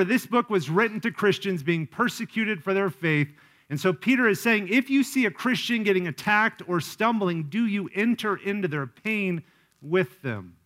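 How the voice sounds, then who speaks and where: Earnest higher-voiced male pastor preaching. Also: fairly bright tone. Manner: earnest preaching with frequent rhetorical questions. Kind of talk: sermon.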